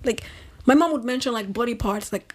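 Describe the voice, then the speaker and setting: A young woman from Nigeria talks in a relaxed, unscripted chat. Her voice sits a little high for a woman. She is animated and quick to laugh, and she slips into slang as she goes. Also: a little hiss or hum. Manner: animated, laughs often, code-switches with slang. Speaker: conversation participant. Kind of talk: casual chat.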